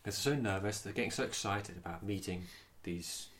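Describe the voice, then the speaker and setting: A low-voiced man co-hosts an improvised comedy podcast, chatting along and playing the hero of the scenario. He talks with mock seriousness and slips into laughter easily. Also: moderate pace, fairly bright tone.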